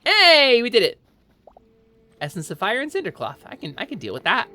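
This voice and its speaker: Excitable woman streamer with a lively voice. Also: fairly high pitch, normal speed. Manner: excitable, giggly, rambling. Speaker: VTuber streamer. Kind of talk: casual live-stream chat while gaming.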